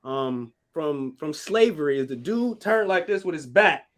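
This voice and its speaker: A man's voice: fairly high pitch, unhurried. A man co-hosting a casual podcast, animatedly recounting a film in loose, profane language. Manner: profane, animated movie recap. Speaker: podcast co-host.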